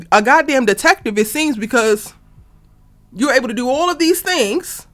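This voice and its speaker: A woman reviewing a TV episode in a casual, animated and exasperated way, talking straight to her viewers. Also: fairly high pitch. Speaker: TV review vlogger.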